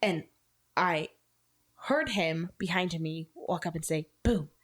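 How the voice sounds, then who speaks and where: Woman in her thirties, co-host, chatty storyteller, animated delivery. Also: on the low side, takes it slowly. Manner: animated, lots of "like" fillers. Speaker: podcast co-host. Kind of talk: casual storytelling chat.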